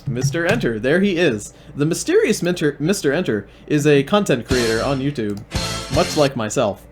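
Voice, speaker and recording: A man's voice: a little high, moderate pace, over music. A man hosting a stream, mocking the videos he plays in a sarcastic, repetitive way. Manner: sarcastic, deadpan, repeats himself. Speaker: stream host and commentator.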